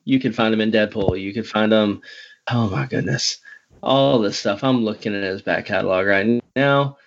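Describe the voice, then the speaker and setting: A man hosting a podcast interview, excitable and rambling, often breaking into laughter. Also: fairly low pitch, normal speed, muffled recording. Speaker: podcast host. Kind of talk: casual interview chat.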